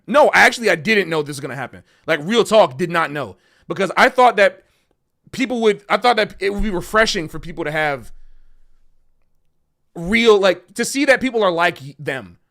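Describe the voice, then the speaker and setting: Animated, emotional man ranting on stream. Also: high voice, fairly quick. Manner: emotional and passionate, says bro a lot. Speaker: jazz musician streaming a Q&A. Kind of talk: casual livestream rant.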